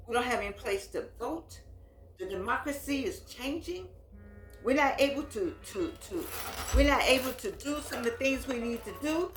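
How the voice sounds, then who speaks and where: A woman's voice: on the high side, fairly bright tone, roomy sound, slight background noise. A woman in her eighties from the United States speaking to camera on her phone, emphatic and preacherly, repeating her phrases. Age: 80s. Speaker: host. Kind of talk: impassioned address to camera.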